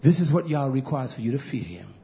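A man's voice: mid-range voice, big pitch swings, fairly quick, gravelly. Fiery preaching man, muffled lo-fi sound. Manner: swings from shouting to hushed, repetitive preaching. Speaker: pastor. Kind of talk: fiery sermon. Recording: dull lo-fi recording.

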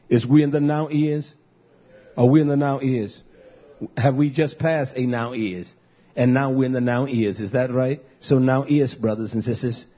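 A man's voice: medium pitch, breathy edge, highs cut off. A man, a pastor preaching a sermon emphatically and calling out to the congregation.

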